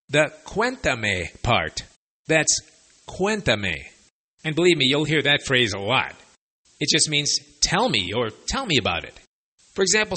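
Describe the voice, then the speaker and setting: Man, husky, bright forceful tone, animated pitch, chatty language lesson, wry sarcastic asides. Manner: lively, chatty explaining. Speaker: Spanish teacher for expats.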